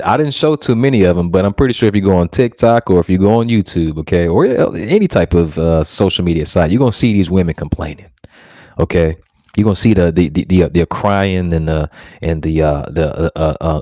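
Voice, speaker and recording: Deep-voiced man preaching scripture. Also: darkish tone, no echo, studio quality. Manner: reads scripture slowly, peppers talk with "all right?" and "okay?". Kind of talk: street-style scripture teaching.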